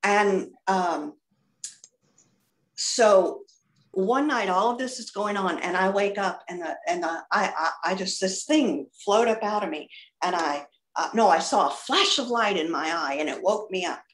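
A middle-aged woman giving a personal testimony over a video call, an animated storyteller who acts out the dialogue. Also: mid-range voice, measured pace, roomy sound. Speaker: ministry speaker giving testimony. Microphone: video call computer mic.

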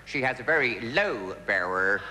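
An actor playing a mock-solemn, bawdy rustic folk singer in a comic radio song, with a slow, drawling, mock-pompous delivery. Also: male voice, medium pitch, lively intonation, sharp tone. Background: music.

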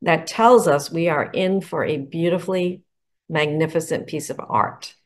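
Middle-aged woman educator, enthusiastic instructional delivery, slightly low pitch. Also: measured pace. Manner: enthusiastic, explanatory, poses questions. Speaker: educator presenting picture books. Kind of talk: instructional talk to teachers.

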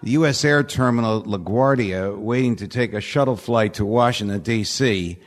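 A man's voice: lowish voice, normal speed. A man giving a lecture at a conference, a wry storyteller who laughs at his own jokes, speaking at a podium microphone. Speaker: guest speaker. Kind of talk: lecture with humorous anecdotes. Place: large conference hall. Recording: reverberant lecture hall.

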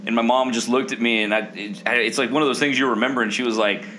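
A man's voice: medium pitch, steady tone, fast talker, pushed and bright, slight background noise, poor audio. A man co-hosting a podcast, joking and rambling in casual chat, often laughing. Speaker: podcast co-host.

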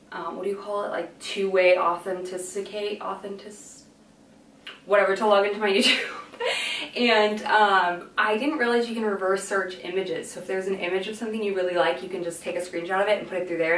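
A woman's voice: mid-range voice, steady tone, a little fast, fairly bright tone, recorded from a distance. Rambling young woman in an echoey room. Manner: rambling, goes off on tangents. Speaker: fashion vlogger. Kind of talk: casual chatty vlog. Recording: echoey room, voice a bit off-mic.

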